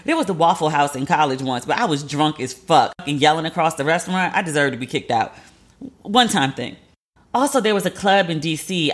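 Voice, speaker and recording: A woman podcast host telling a personal story in a casual, animated, profane way, acting out the people she quotes. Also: low voice.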